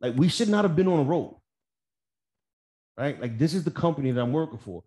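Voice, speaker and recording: Speaking a little fast in a fairly high-pitched voice, this podcast co-host recounts a story from work in a relaxed, chatty way. He curses liberally and brings the exchanges to life by performing each character's lines.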